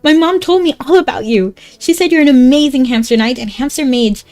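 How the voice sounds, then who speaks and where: A woman's voice: high voice, fairly quick, a little mellow, pitched above the performer's own voice, close to an everyday voice. A woman voicing a small, earnest village girl who lost her cat and asks for help. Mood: pleading. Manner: earnest, pleading.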